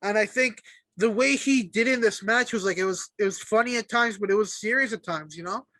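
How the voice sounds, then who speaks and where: A young man co-hosting a casual wrestling podcast, talking excitedly, swearing often and acting out quotes. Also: high-pitched, fairly quick, no echo. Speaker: podcast co-host.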